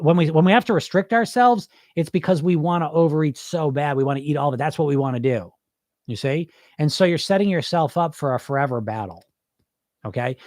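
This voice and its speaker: A man's voice: a little high, darkish tone, dry recording, studio quality. A middle-aged man who coaches weight loss, talking informally and bluntly on a podcast, asking his listeners rhetorical questions. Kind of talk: live podcast talk answering listeners.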